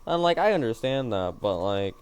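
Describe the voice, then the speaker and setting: A man chatting loosely while he streams a game, wandering from thought to thought and poking fun at himself. His voice sits at an everyday middle pitch, and he sounds a bit tired. A faint hiss runs under his talk. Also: sing-song, normal speed, darkish tone. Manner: rambling, joking and self-mocking, talking to himself. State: yawning, tired. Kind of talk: casual gaming stream chatter.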